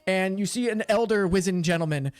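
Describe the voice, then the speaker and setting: A man's voice: high voice, a little fast, dry recording. A man narrating a tabletop game as game master, casual and full of fillers.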